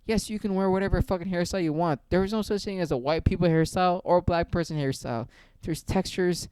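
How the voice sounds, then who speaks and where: A man's voice: sits high, fast, a little mellow, clean tone, dry recording. Blunt, heated man ranting. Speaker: video creator. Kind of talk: profane opinion rant.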